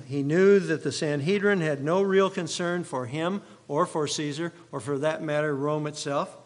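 A man's voice: a little high, fairly bright tone. Emphatic preacher man in a reverberant hall. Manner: emphatic, repeats key phrases for effect. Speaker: pastor. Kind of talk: expository sermon.

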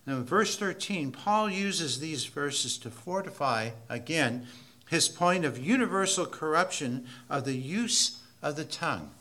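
A man teaching a Bible study class, slow and deliberate, repeating key phrases with building emphasis. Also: fairly high pitch, expressive, pushed and bright.

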